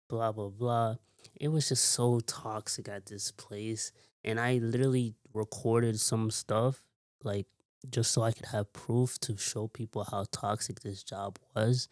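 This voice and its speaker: A man telling a long, rambling story in a casual vlog, repeating himself and filling pauses with "like". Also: fairly low pitch, little pitch movement, darkish tone, no room sound, clean studio sound. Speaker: vlogger.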